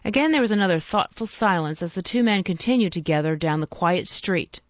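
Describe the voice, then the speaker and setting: Brief: woman storyteller, expressive and measured, lively intonation, dull lo-fi recording. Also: on the low side, dry recording. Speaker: narrator. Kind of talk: storybook narration read aloud.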